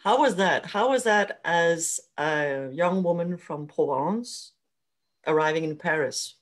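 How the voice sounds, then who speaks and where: A woman's voice: lowish voice, lively intonation, takes it slowly. A woman from Denmark interviewing a guest, asking curious, encouraging questions. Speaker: interviewer, book club moderator. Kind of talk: casual video interview.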